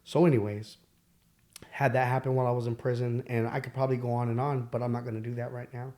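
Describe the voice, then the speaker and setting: A man telling his own life story as a podcast guest, candid and halting, with many fillers and restarts. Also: medium pitch, flat delivery, a little mellow. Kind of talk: personal storytelling.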